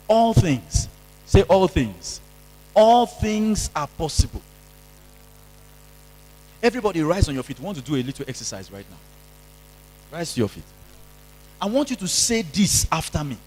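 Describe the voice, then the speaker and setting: At a youth seminar, a Kenyan pastor exhorts the crowd and has them repeat his lines back in call-and-response. His high-pitched, slightly mellow voice swings widely in pitch at normal speed with long pauses, echoing with the long reverb of a large hall.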